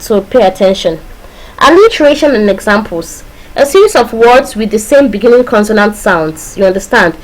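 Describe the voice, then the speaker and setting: A woman's voice: mid-range voice, rough recording. Woman teaching a lesson. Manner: explains with repeated check-ins and acted-out examples; slow, drawn-out reading of tongue twisters. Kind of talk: classroom lecture.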